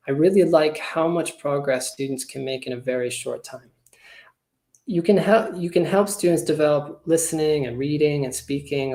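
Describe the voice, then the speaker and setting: A man who trains teachers, giving an online webinar presentation in a relaxed, conversational way with a lot of hedging. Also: on the high side. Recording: roomy echo.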